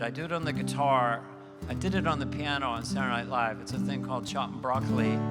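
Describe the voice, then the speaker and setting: A man doing stand-up at a private event, telling a story in an animated, self-mocking way, heard in a reverberant hall. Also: on the high side. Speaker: stand-up comedian. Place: event stage. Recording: reverberant hall with faint music.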